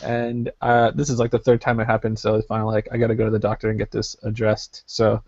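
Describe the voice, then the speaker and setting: A man's voice: on the low side, monotone, fast talker, darkish tone, dry recording. A young man co-hosting a podcast, telling a story casually with lots of filler words. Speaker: podcast co-host. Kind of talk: casual chat. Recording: slightly dull lo-fi podcast audio.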